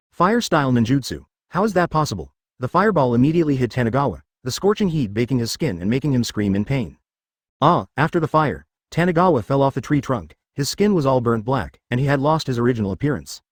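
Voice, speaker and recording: A man's voice: mid-range voice, dry recording, clean studio sound. A man narrating a translated ninja fan-fiction story in a scripted, synthetic-sounding read.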